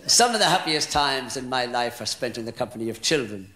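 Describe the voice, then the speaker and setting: Bright-voiced older Irish comedian. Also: male voice, mid-range voice, expressive, fairly quick. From Ireland. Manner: lilting, theatrical joke-telling with sudden loud punchlines. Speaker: stand-up comedian. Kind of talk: live stand-up storytelling. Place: hotel function room with live audience. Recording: roomy live hall with crowd.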